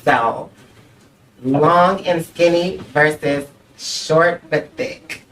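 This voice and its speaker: An upbeat talk show host running a playful round of questions, teasing her guest and giggling between lines. The voice sits at a mid pitch and sounds a little distant from the mic, with faint noise under it. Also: very slow, a bit bright. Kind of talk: casual interview chat.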